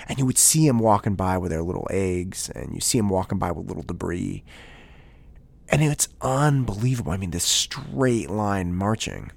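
A man in his thirties hosting a casual solo podcast, telling a story in an animated way with many restarts. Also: low voice, moderate pace, vocal fry, dry recording. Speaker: podcast host.

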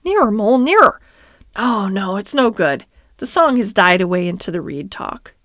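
A woman playing a languid, poetic male water rat from a storybook, murmuring in a hushed voice pitched above her own. He drifts dreamily through his words. The sound is dry and close. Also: lively intonation, normal speed, no echo, lightly acted. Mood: urgent. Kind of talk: storybook character voice.

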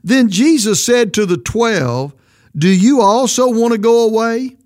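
A man's voice: very high voice, lively intonation, unhurried, a little mellow, dry recording, studio quality. A man preaching a sermon as pastor, earnest and emphatic, his voice leaping up on quoted questions.

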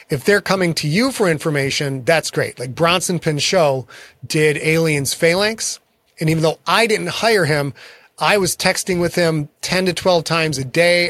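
A man's voice: fairly high pitch, a bit bright, no echo. A man, a guest author in a casual interview, telling frank and self-deprecating stories about his work.

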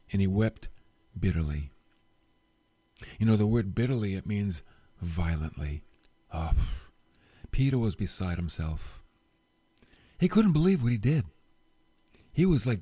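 Animated, slow-talking male preacher. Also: no echo. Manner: animated storytelling, rhetorical questions; drops low and soft for solemn moments. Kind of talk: sermon podcast.

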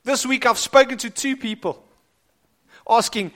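Male preacher, high voice, dramatic, loud-to-soft swings, rhetorical questions. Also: very animated, moderate pace. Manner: addresses congregation directly, rhetorical questions. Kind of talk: sermon.

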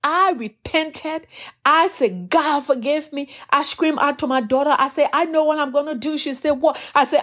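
Woman, preacher, sermon testimony, earnest, slightly high voice, repeats words.

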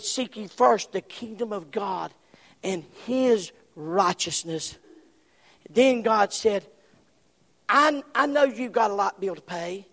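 A man preaching a sermon, impassioned, swinging from shouts to hushed whispers. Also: very high voice, in a large hall.

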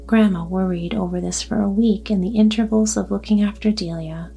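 A woman narrating a bedtime story in a soft, slow, calm way. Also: medium pitch, creaky. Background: soft background music.

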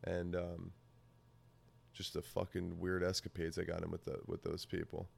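A man's voice: sits low, completely flat delivery, normal speed, vocal fry, darkish tone, slightly rough. A man hosting a podcast, telling a rambling, profane story in casual talk and laughing often. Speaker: podcast host.

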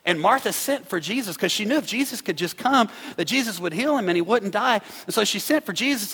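A male pastor preaching a sermon, swinging from quiet, hushed passages up to fervent shouting. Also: high-pitched, lively intonation, a little fast, husky, in a large hall. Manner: preaching with big swells to shouting and drops to hushed tones. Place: church hall.

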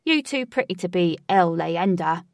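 A brash, boastful young man in a storybook, loud and cocky in his teasing, as a woman narrator puts him on. His voice sits low with a gravelly edge and a dry, close sound. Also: animated, moderate pace, no echo. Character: brash boastful male rugby teammate.

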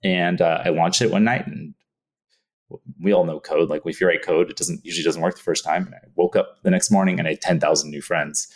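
A man telling a story in an interview, animated, acting out his own past thoughts and laughing often. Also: low-pitched, a little fast. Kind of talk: casual anecdote in an interview.

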